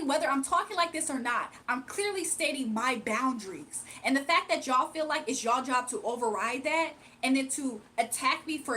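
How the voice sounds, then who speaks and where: Young woman, high voice, sharp bright tone, emphatic livestream rant to chat, faint room hiss. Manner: emphatic, repeats points, addresses chat directly. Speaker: livestream host.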